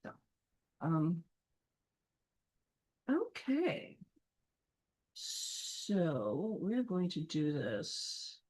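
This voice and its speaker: A woman's voice: on the low side, wildly swooping pitch, drawn-out words, long pauses, darkish tone, poor audio. A woman organizing a film event, thinking aloud as she works and mumbling half-finished counts to herself. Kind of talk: thinking aloud while working.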